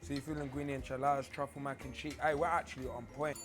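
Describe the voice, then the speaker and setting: A man's voice: mid-range voice, little pitch movement, quick pace. A man on a cooking show, joking and teasing his partner. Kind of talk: lively reality-show banter. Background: music.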